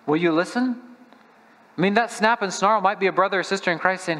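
A man's voice: high-pitched, brisk, fairly bright tone. A man preaching a sermon as a missionary, earnest and plain-spoken, putting direct questions to the congregation. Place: church sanctuary. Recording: long church reverb.

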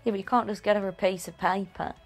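A woman joking with her brother as they watch TV, teasing him with quick comebacks and giggling. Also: medium pitch, fairly even intonation, faint music behind. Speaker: TV viewer commenting. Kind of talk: casual banter with her brother.

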